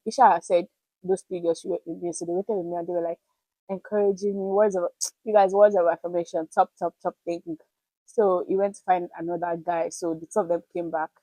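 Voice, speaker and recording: A young woman, casually telling a personal story to her vlog audience in an animated, expressive way. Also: on the low side, dry recording, low-quality recording. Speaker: vlogger.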